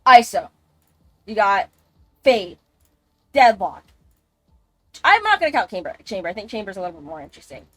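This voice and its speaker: A woman's voice: medium pitch, big pitch swings, normal speed, pauses often, a bit bright, no room sound, faint music behind. A woman streaming a game live, chatting in a rambling, casual way and swearing freely. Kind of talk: casual gaming livestream chat.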